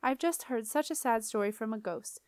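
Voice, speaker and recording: A woman voicing a tall, gentle woman who sees ghosts, speaking in a soft, sing-song way. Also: mid-range voice, lively intonation, normal speed, vocal fry, no room sound, clean studio sound. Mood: sorrowful.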